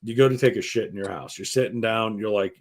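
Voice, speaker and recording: Profane, animated man telling crude stories. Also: on the low side, fast, background noise. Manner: profane, animated, acts out quoted voices. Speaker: podcast co-host. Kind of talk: crude casual storytelling.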